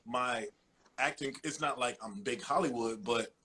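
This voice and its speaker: A man's voice: mid-range voice, unhurried, bright, forceful tone. A male host with an ordinary mid-range voice speaks earnestly and with emphasis as he closes out his show. A faint hiss sits under the call audio. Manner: earnest, emphatic, a bit rambling. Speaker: podcast host. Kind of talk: casual show wrap-up and commentary.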